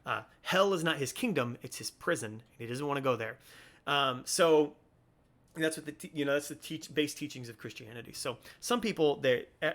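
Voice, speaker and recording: A man's voice: fairly high pitch, normal speed, fairly bright tone. Earnest, rambling young man. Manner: earnest, preachy, rambling with many restarts. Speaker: podcast host. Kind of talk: casual commentary.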